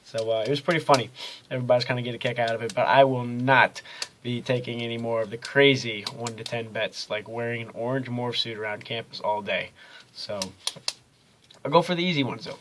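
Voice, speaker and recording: A man's voice: mid-range voice, steady tone, quick pace, fairly bright tone. Young man, casual video diary, rambling, easygoing, filler-heavy. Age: young adult. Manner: rambling, easygoing, many ums and uhs. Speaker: college student vlogger.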